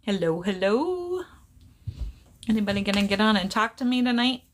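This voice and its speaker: A woman's voice: mid-range voice, steady tone, very fast, slight background noise. A middle-aged woman talks into her phone on a casual live stream, greeting viewers one by one and rambling about small things. Her delivery is loose, chatty and playfully silly.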